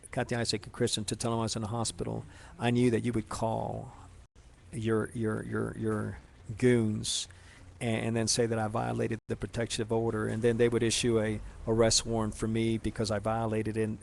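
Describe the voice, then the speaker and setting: Rambling gravelly-voiced man. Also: mid-range voice, a little hiss or hum. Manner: rambling, halting with many restarts and fillers. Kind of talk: personal testimony monologue addressed to someone.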